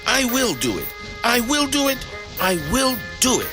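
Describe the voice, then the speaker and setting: A man's voice: sits high, very animated, moderate pace, music in the background, voice pushed up. Edward, a man doing a plucky little engine. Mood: determined. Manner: determined, eager. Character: kind, hardworking little male steam engine.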